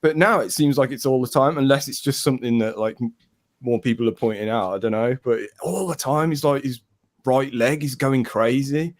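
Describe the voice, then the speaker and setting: A man's voice: medium pitch, moderate pace. A man co-hosting a casual livestream podcast, rambling with lots of filler words and dry humor. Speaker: co-host.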